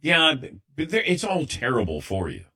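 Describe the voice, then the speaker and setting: A middle-aged man hosting a sports radio show in relaxed, conversational banter. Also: fairly high pitch, moderate pace, slightly rough.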